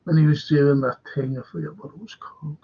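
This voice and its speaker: Man hosting a live stream, husky and fairly high-pitched, casual and rambling, dull lo-fi stream audio. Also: steady tone, fast talker, dark tone. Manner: meandering, often drops to a near-whisper. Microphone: webcam or desk mic on a live stream.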